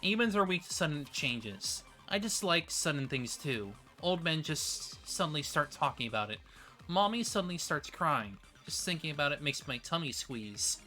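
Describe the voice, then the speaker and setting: A streamer reading aloud as an anxious child afraid of making its mother cry, in a plain, even delivery. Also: medium pitch, moderate pace, soft background music.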